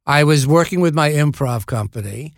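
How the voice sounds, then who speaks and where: A man's voice: a little high, lively intonation, normal speed, gravelly, no room sound. An older man, an actor guest in a studio interview, telling self-deprecating anecdotes and acting out what people said. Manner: self-deprecating, acts out quoted dialogue. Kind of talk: anecdotal storytelling in a podcast interview. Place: podcast studio.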